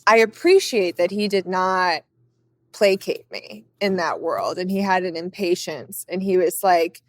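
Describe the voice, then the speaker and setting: A woman's voice: on the low side, measured pace, no room sound. Chatty young woman, dry close sound. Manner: chatty, many "like" fillers. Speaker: guest. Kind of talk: casual conversation.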